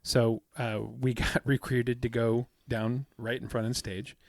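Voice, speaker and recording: A man's voice: medium pitch, flat delivery, unhurried, no room sound. A man co-hosting a podcast, telling a long story in a rambling, casual way with many fillers and acted-out quotes. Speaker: podcast co-host. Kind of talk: casual chat.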